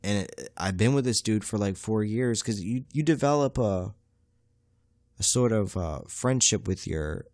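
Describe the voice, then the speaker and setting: A young man rambles in a profane, slangy, self-mocking monologue. His voice sits fairly low. The recording is dry and close, with no room sound. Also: expressive, unhurried, darkish tone, no room sound. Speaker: podcast host. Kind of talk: casual comedic monologue.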